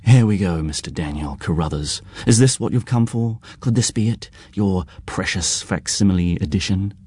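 A man voicing a cocky young man who teases his younger brother in a croaky, crowing voice. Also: low voice, normal speed, darkish tone, no echo. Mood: mocking. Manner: mocking, showy, theatrical.

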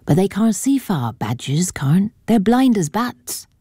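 A woman voicing a humble, cheeky village lad who poaches, speaking in in a hushed, deferential way. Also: mid-range voice, sing-song, unhurried, slightly rough, no room sound, studio quality, pitched above the performer's own voice. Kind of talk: audiobook character voice.

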